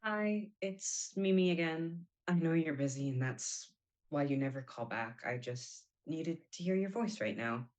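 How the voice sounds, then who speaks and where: A woman's voice: low voice, lively intonation, a little slow, a little mellow. A young woman playing a lonely woman leaving a pleading, emotional voicemail in a stage monologue.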